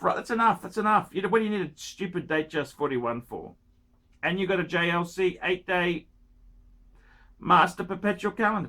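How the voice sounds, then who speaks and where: A man's voice: sits high, sharp tone. A man giving watch-buying advice in a casual rant, pushy and pleading, repeating himself and throwing in crude jokes.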